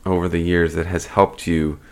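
A male co-host with a very low, gravelly voice, asking questions in a thoughtful, measured way. He speaks with casual calm.

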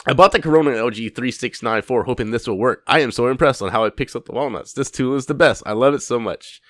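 A man's voice: medium pitch, quick pace, no room sound, clean studio sound. A man co-hosting a comedy podcast, reading product reviews aloud with frequent laughter and swearing. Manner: laughs often, swears, animated. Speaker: podcast co-host.

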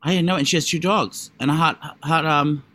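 A man co-hosting a podcast, chatting casually and rambling with many fillers and animated jumps. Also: a little fast. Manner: rambling, lots of likes and ums, animated jumps in pitch. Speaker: podcast co-host. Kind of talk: casual gossip chat.

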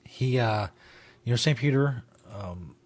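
Husky, rambling male talk host. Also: medium pitch, lively intonation, slow, darkish tone. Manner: rambling, profane, laughs at his own jokes. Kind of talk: casual comedic talk show. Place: studio.

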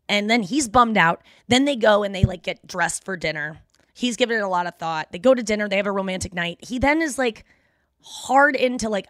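A woman's voice: mid-range voice, fairly bright tone, dry recording. Gossipy woman podcast host, dry sound. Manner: gossipy, fast, uses 'like' a lot. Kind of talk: casual chat recap.

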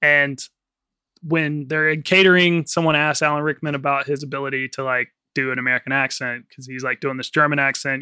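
A man co-hosting a film podcast in casual chat, rambling with lots of fillers and quick laughs. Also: mid-range voice, little pitch movement, pushed and bright, clean tone, no echo, studio quality. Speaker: podcast co-host.

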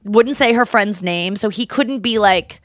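A woman's voice: medium pitch, unhurried, dry recording. Woman, podcast host, casual storytelling, mimics voices, dry close sound. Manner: animated storyteller who mimics voices in quotes. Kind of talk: casual chat.

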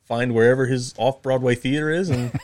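A man with a mid-range voice, talking a little fast, co-hosts a podcast and chats casually with lots of fillers and frequent laughter. He's relaxed and rambling, then reads a book summary aloud.

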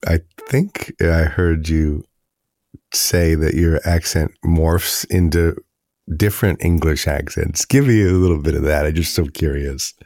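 Podcast host, man, very low voice, dry close sound, easygoing curious questioner. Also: no echo. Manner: relaxed, curious, halting questions. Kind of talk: casual interview.

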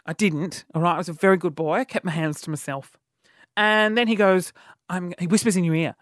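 A man's voice: high-pitched, fairly quick, a bit bright, dry recording, studio quality. A man hosting a solo podcast, telling a story in a cheeky, rambling way full of fillers and restarts. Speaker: podcast host.

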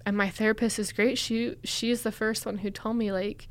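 A young woman with a medium-pitched, level voice recounts something personal on an interview podcast. She speaks openly but haltingly, her sentences full of "um" and "like."

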